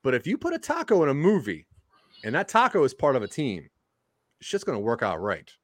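A man's voice: mid-range voice, wildly swooping pitch, fairly quick, dry recording. A man giving a mock presentation in improvised comedy, playful and mock-villainous, drifting in and out of a put-on accent.

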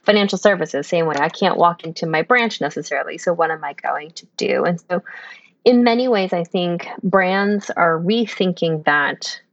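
A woman's voice: fairly low pitch, moderate pace, creaky, no echo, dull audio. A woman answering interview questions as a consultant, thoughtful and peppered with "you know" and "right". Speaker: guest consultant.

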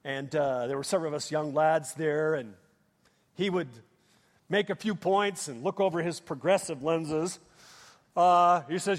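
A man's voice: a little high, animated, normal speed. A middle-aged man from Minnesota with a Minnesotan accent, preaching a sermon in a folksy, humorous storytelling way with plenty of fillers. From Minnesota, USA. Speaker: pastor. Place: church sanctuary. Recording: long reverb of a large hall.

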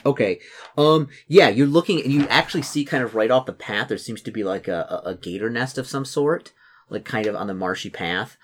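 A man's voice: medium pitch, a little fast, a little hiss or hum. A young man narrating as game master, rambling with many fillers and restarts.

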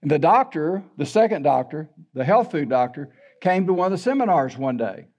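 A man's voice: fairly high pitch, sing-song, normal speed, darkish tone, highs cut off. An older man, a pastor preaching a sermon in a folksy, candid storytelling way.

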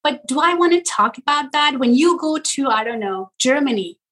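A middle-aged woman from Iran, a social media creator talking in an interview in an animated way and checking in with the listener as she goes. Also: sits high, rough recording. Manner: animated, talks in quick bursts and often checks in with "right?". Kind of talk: casual interview chat.

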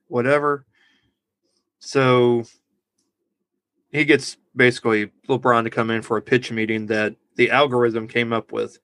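Bright, chatty podcast dad. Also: male voice, medium pitch, flat delivery, unhurried, pauses often, no room sound. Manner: laughs at his own jokes, rambling. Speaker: podcast co-host. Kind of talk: casual movie review chat.

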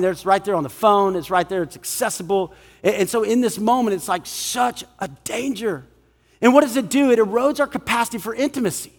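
A man preaching a sermon as pastor, conversational and animated, with frequent asides and rhetorical questions. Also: sits high, in a large hall.

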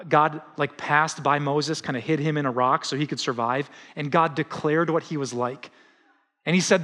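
A middle-aged man preaching a sermon as pastor, animated and conversational, often acting out quotes. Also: on the high side. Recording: reverberant hall.

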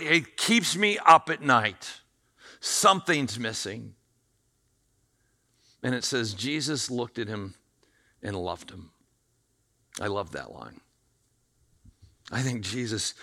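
A man preaching a conversational sermon, acting out the quoted voices with lively shifts in loudness. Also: medium pitch. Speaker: pastor.

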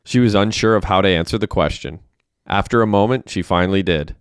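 A man narrating a story in a steady, plain reading voice. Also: deep voice, a little fast, smooth, no echo, clean studio sound. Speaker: audiobook narrator. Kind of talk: scripted narration.

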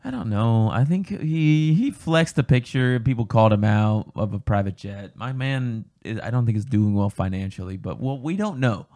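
Young dude cohosting a chill podcast, cracking jokes and swearing, mid pitch. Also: male voice, moderate pace, few pauses. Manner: joking, swearing, excitable. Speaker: podcast co-host. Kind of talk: casual chat.

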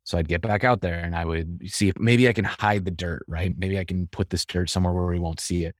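A man with a very low voice talks as a podcast guest in a reflective, storytelling way. He circles back and restarts phrases as he thinks. The sound is dry and close. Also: fairly even intonation, brisk, no room sound. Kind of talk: conversational interview.

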